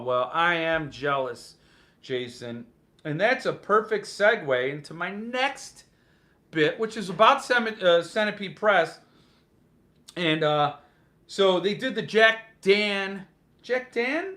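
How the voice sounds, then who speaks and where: Animated, bright-voiced man hosting a show. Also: high voice. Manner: playful, joking, animated. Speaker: host of a book collecting show. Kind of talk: casual live-stream chat reading comments.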